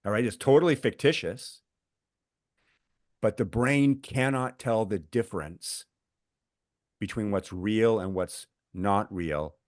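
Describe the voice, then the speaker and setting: A middle-aged man, a guest author and coach, telling examples in a lively podcast chat with many fillers and restarts. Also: on the low side, slow, long pauses, dry recording, studio quality. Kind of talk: podcast conversation, explaining.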